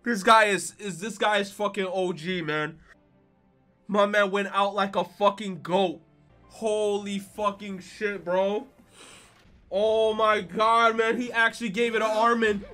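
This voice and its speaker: Excitable young man reacting loudly. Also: sits high, unhurried, faint music behind. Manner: excitable, swearing, emotional outbursts. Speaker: reaction streamer. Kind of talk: anime reaction commentary.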